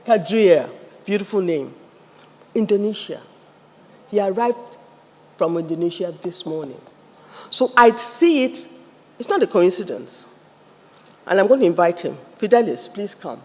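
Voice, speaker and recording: A man's voice: high voice, big pitch swings, unhurried, pauses often. A man with a Nigerian English accent giving a fiery motivational address at a conference, firing questions at the audience. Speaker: conference speaker. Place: large event hall. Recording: long hall reverb, faint ambience.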